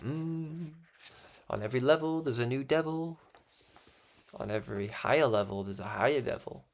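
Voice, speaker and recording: A man with a Scouse accent speaks in a gravelly voice at a middling pitch. He rambles through a reflective monologue, doubling back on his words and chuckling softly between thoughts. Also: moderate pace. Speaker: broadcast host.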